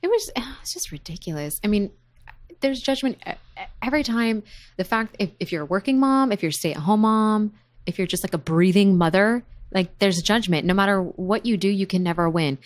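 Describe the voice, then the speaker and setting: A woman in her thirties co-hosting a podcast, telling stories in an animated, playful way. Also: mid-range voice, brisk. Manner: animated storyteller, playful asides. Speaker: podcast co-host. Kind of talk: casual chat.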